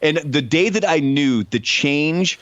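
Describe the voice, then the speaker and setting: A man co-hosting a podcast who works in radio production, telling stories in an animated, casual way. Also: on the high side, takes it slowly, no room sound, dull audio.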